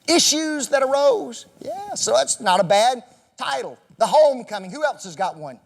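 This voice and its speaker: Man, Bible class teacher, high and very animated voice, playful quizzing style, long echo of a church hall. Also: normal speed, creaky. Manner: quizzes the class with questions, joking, often says "folks". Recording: echoey hall reverb.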